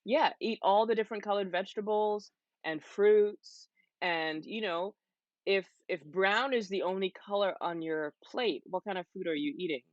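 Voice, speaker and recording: A woman's voice: mid-range voice, moderate pace, no room sound, dull audio. A woman hosting a live-streamed health seminar from home, chatting casually and putting questions to her viewers. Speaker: host of a health seminar series.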